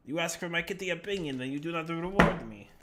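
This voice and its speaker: A man's voice: a little high, quick pace, loud music behind the voice, close to an everyday voice. A man putting on a grumpy Russian-accented cat. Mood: grumbling. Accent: put-on Russian. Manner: complaining, broken grammar.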